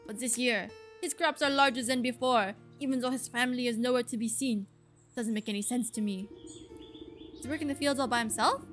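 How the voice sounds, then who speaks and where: A woman's voice: sits high, animated, rapid-fire, a bit bright, soft background music. A woman voicing a competitive vegetable farmer creature in a throaty mock French accent. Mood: suspicious.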